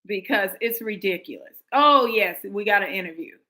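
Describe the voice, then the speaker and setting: A woman's voice: mid-range voice, expressive, normal speed, bright, forceful tone, poor audio. An American woman hosting a livestream commentary, talking emphatically to her viewers with frequent restarts. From United States. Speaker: livestream host.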